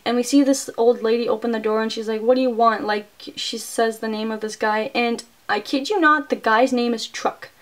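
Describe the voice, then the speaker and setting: A young adult woman reviewing a movie, retelling the plot in an excitable, casual way and filling her sentences with "like". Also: a little high, normal speed, hardly any pauses. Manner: chatty and excitable, heavy use of "like" fillers.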